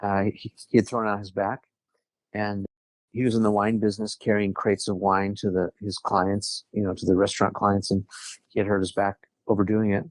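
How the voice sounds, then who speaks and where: Low-voiced man telling his story. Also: little pitch movement, moderate pace, no echo. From Southern California. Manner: chatty, quotes others, frequent light laughs. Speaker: podcast guest. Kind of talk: casual interview storytelling.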